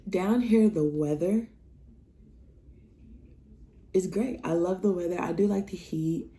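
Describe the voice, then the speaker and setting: Low, dark-voiced woman vlogger from Nebraska. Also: takes it slowly. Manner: chatty, laughs while telling, animated asides. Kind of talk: casual personal storytelling.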